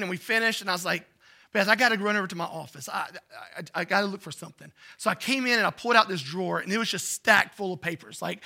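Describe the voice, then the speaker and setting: A man, a pastor telling a personal story in an animated way during a sermon. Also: sits high. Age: 40s.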